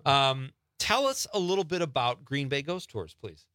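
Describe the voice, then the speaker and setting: A man hosts a casual live radio chat from the studio, upbeat and full of questions. His voice is bright and pushy-forward. The sound is close and dry, with no room around it. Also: medium pitch, lively intonation, moderate pace, no echo. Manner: chatty, upbeat, asks lots of questions. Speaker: radio show host.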